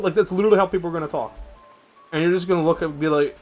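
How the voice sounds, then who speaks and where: A man's voice: fairly high pitch, steady tone, fast, faint music behind. A man in his twenties chatting casually on a game stream, ranting in a rambling, profane way. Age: 20s. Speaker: VTuber streamer.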